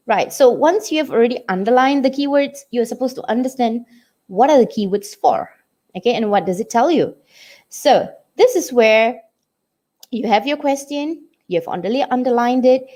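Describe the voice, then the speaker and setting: A woman's voice: on the high side, dark tone. A woman English teacher with a Malaysian English accent, giving a lesson and checking in with students often. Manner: checks in often with "okay?" and "did you get it?". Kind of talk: classroom lesson.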